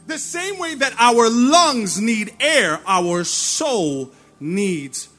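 A male pastor with a fairly high voice preaching in a church. He tells lively stories and laughs at himself along the way. Soft music plays underneath. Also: extremely slow. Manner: animated storytelling, laughing at himself. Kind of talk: sermon.

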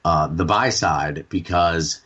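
A man in his forties from Maine, a radio show guest talking candidly, halting and repeating words with many fillers. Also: sits low, a bit bright, dull audio. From Maine, United States. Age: 40s. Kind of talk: candid interview talk.

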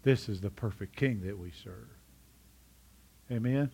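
A man's voice: on the low side, unhurried, vocal fry, a little mellow, husky. A middle-aged man preaching a sermon in a conversational way, often asking his congregation questions. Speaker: pastor.

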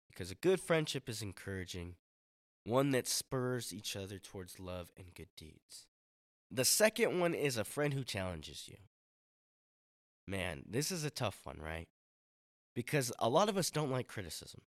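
A man preaching a sermon to young people in a relaxed, conversational way, with casual slang and acted-out quotes. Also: medium pitch, unhurried, dry recording, clean studio sound. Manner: acts out quoted friends in voices.

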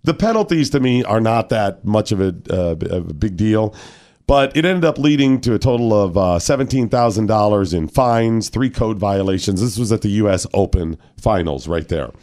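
A man's voice: on the low side, lively intonation, normal speed, a little mellow. Ranting man hosting talk radio. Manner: ranting, emphatic, mocking quotes. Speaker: radio show host. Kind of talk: opinionated talk radio commentary.

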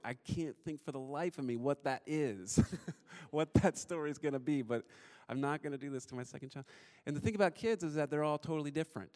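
A man's voice: a little high, a little fast, darkish tone. Self-deprecating male storyteller. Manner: conversational, self-deprecating, frequent fillers. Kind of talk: personal story told to an audience.

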